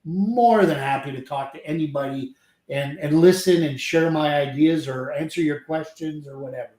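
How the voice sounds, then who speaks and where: Chatty canadian guy, kinda high voice, laughs a lot, echoey room sound. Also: moderate pace, warm tone. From French Canada. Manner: friendly, talkative, laughs easily. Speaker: guest, company president. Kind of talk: casual chat.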